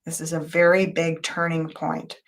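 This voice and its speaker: A woman's voice: deep voice, little pitch movement, gravelly. A woman hosting a live tarot reading show, talking to viewers in an emotional, intense, spiritual way. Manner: spiritual, guiding talk with quick changes of loudness. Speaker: tarot reader and show host.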